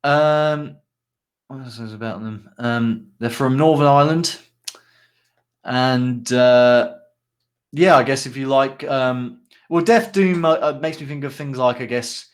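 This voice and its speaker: A man co-hosting a relaxed podcast, reading out band blurbs and pausing often with ums and little asides. His voice sits at an ordinary middle pitch. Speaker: podcast co-host. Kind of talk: casual podcast chat.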